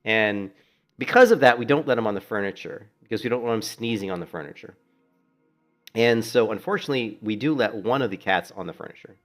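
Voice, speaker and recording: Faint music sits behind a middle-aged man who chats while playing a game he streams from home in Florida. He speaks a little fast in a fairly low, slightly bright voice, a laid-back storyteller who rambles and curses freely.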